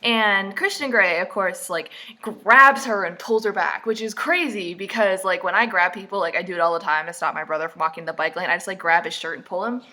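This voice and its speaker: A woman's voice: lowish voice, fairly quick, bright, forceful tone. A woman vlogging casual book commentary, sarcastic and mocking, full of "like"s, just woken up. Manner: sarcastic, mocking, chatty with many "like"s.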